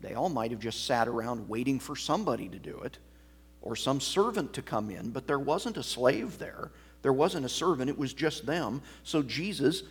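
A man preaching an expository sermon as pastor, explaining a passage line by line in a measured teaching manner. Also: mid-range voice, animated, breathy edge.

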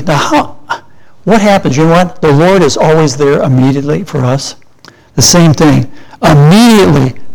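A man's voice: a little high, gravelly, a little mellow, low-quality recording. An older man preaching a sermon in a conversational way, often asking and answering his own questions.

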